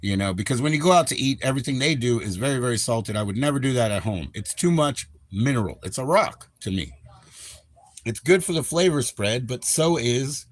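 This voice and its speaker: A man's voice: medium pitch, expressive, brisk. A man chatting casually on a live stream, rambling in a laid-back way with lots of slang.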